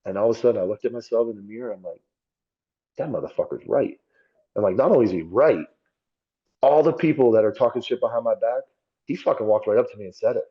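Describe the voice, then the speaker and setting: A man's voice: medium pitch, fast talker, breathy edge, muffled recording. A former police officer as a podcast guest, telling his story in a blunt, profane, self-critical way. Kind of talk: candid conversational storytelling.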